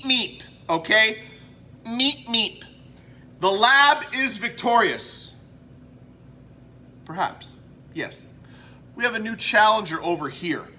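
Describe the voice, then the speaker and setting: High, lively-voiced man from Canada. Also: husky. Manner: rambling, self-interrupting, chatty. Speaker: host. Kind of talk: casual collectibles show-and-tell.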